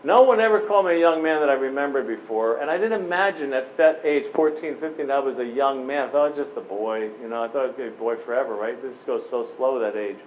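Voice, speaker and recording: A man in his forties giving a keynote address to a room, telling animated personal stories and briefly voicing the people he quotes. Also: medium pitch, quick pace, few pauses. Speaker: keynote speaker. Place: conference room with a live audience. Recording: tinny phone-like recording with faint noise.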